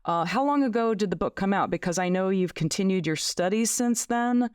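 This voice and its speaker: A woman's voice: medium pitch, animated, a little fast, clear, resonant tone, dry recording, clean studio sound. A woman hosting a podcast, asking long questions with small restarts. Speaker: podcast host. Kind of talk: interview questions.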